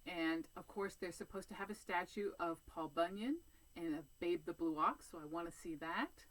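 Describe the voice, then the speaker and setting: A woman's voice: lowish voice, moderate pace, low-quality recording. A woman chatting casually to her viewers as a cross-stitch vlogger, sitting outdoors, rambling along with many fillers and restarts. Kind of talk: casual vlog chat.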